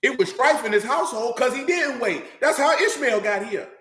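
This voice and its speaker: A man's voice: very high voice, expressive, moderate pace, pushed and bright, roomy sound. A man preaching a fiery, confrontational sermon in heavy street slang.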